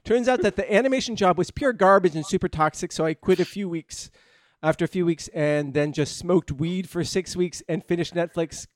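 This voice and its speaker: Male podcast host, higher voice, dry close mic, jokey mail reader. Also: normal speed, dry recording. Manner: joking, reads mail aloud with put-on accents. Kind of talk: casual chat.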